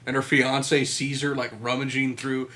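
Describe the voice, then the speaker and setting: A young man on a casual podcast who rambles through stories, swears often and jumps into loud acted-out quotes. His pitch sits in the middle range for a man. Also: completely flat delivery, moderate pace. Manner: rambling storyteller, swears freely, acts out quotes in loud voices. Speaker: podcast co-host. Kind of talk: casual chat.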